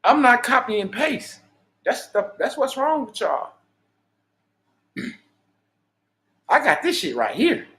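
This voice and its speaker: A man's voice: very high voice, big pitch swings, slow pace, pauses often, fairly bright tone. A man, hosting a livestream and ranting in a profane, preachy, boastful way. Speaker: livestream host. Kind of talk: unscripted livestream monologue.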